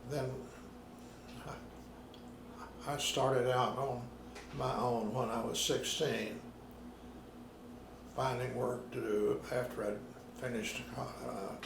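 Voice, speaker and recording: A retired minister from Arkansas, USA, in his nineties, is interviewed for an oral history in his apartment at home. His gravelly, medium-pitched voice has fairly even intonation, and he tells stories slowly and unhurriedly with pauses. The home recording is roomy, with background noise.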